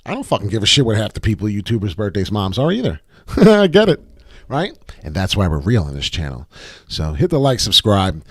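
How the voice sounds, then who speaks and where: Man, live chart-analysis stream host, brash and profane, low voice that swings widely, dry close sound. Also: fast talker, slightly rough, no echo. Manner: brash, profane, excitable, rambling. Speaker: crypto trading livestream host.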